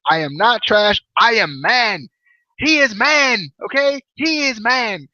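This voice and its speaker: A podcast host puts on an excitable wrestler with a broad put-on Indian accent. The voice jumps high and sing-song as he speaks in broken English. The mic sounds dull and dry. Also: slow pace, no echo, full character voice. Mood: hyped. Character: brash foreign pro wrestler, grown man, excitable.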